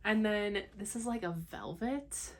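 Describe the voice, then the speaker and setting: A young woman vlogging as she unboxes books, gushing and excitable, at times dropping to a hushed whisper. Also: mid-range voice, a little slow, slight background noise. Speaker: book vlogger. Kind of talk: casual unboxing vlog.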